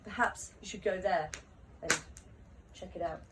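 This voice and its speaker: A woman's voice: fairly low pitch, unhurried, noisy background, close to an everyday voice. A woman voicing a big male dragon who speaks in an easygoing, helpful way, in a live recording from a distance. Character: big male dragon fond of his treasure.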